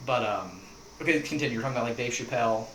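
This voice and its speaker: Speaking very fast in a mid-range voice, a young man hosts a casual podcast chat. He's an animated storyteller who acts out the quotes, recorded in an echoey room with noise.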